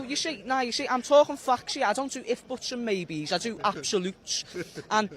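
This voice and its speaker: A man with a Liverpool accent and a high voice gives a street interview about football. He talks emphatically, repeating slang words and insisting he means every word. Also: lively intonation, moderate pace, fairly bright tone.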